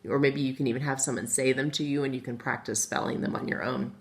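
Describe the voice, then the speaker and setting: This middle-aged woman talks fast, her voice rumbling low and her tone steady, as she teaches phonics to young children. Addressing the kids directly as "guys," she patiently spells words letter by letter.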